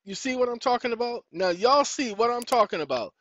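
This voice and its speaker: A man with a very high, bright-edged voice talks briskly and expressively while hosting his own online show. He chats casually as he searches on a computer, scolding it out loud and spelling words letter by letter. The recording is dull, lo-fi, and dry.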